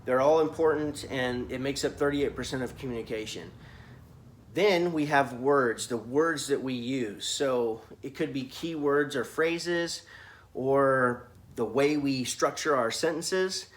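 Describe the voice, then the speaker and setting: A man's voice: mid-range voice, measured pace. A man giving earnest business advice in a casual video, asking the listener many questions and often restarting his words. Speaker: business coach.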